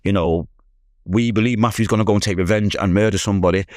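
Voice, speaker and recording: Fast-talking Mancunian man telling a story. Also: on the low side, steady tone, darkish tone, dry recording, clean studio sound. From England. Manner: fast street slang, acts out quoted voices. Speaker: podcast guest. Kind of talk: emotional storytelling.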